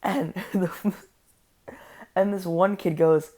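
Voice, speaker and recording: A woman's voice: on the low side, a little slow, long pauses, dark tone. A woman telling a story for her vlog, rambling, swearing a lot and sounding incredulous. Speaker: vlogger. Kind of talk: casual story time.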